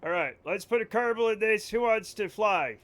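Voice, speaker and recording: Male streamer, high-pitched, excitable and joking, live gameplay commentary. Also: normal speed. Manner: excitable, joking, swears, laughs often.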